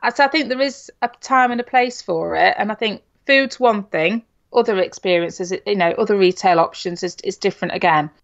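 A woman's voice: medium pitch, brisk, hardly any pauses. Woman, middle-aged, Nottingham English accent, podcast co-host, casual chat, tag questions, dull lo-fi sound. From England. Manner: chatty, uses "you know" and tag questions.

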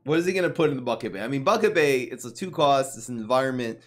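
A young man giving casual live commentary on his card game, excitable and jokey, muttering one moment and loud the next. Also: mid-range voice, fast talker. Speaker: gaming streamer.

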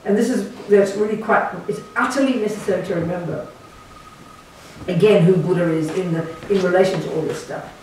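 A woman's voice: lowish voice, a little fast, a little mellow. A woman, a Buddhist nun, giving a blunt, emphatic retreat teaching with sarcastic asides. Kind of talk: dharma talk to a retreat group. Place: meditation centre hall. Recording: echoey room from far off, faint hiss.

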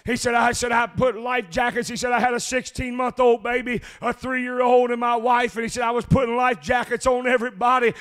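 A man preaching a sermon, telling a long story and then shouting in a rhythmic chant with "uh" before each phrase. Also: extremely high pitch, flat delivery, fairly quick, few pauses.

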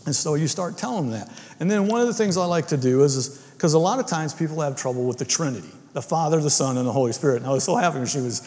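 A man's voice: fairly high pitch, fast, hardly any pauses, darkish tone, long reverb tail. A man preaching a casual, conversational sermon in a church, often tagging his points with "right?". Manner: informal, keeps asking "right?". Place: church sanctuary.

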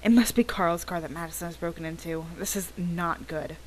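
A woman's voice: on the low side, a little fast, few pauses, slight background noise, low-quality recording. A woman playing a horse-riding video game, casually reading the on-screen text aloud and commenting as she plays. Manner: casual, chatty. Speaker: let's play gamer.

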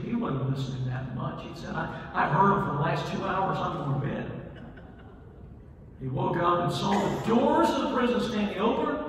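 A man preaching a sermon, telling a Bible story with swings between loud emphasis and quiet asides. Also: high-pitched, a little hiss or hum. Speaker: pastor. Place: church sanctuary. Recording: echoey hall, from far off, faint ambience.

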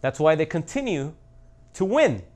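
A channel host speaks directly to his audience in a fairly high, darkish, sing-song voice at a moderate pace. His casual monologue is blunt and emphatic, with points repeated for emphasis.

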